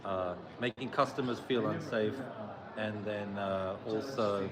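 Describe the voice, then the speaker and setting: A man's voice: fairly low pitch, steady tone, measured pace, a loud crowd. A man translating and explaining hesitantly, with many fillers. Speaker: translator on a stream. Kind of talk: casual explanation.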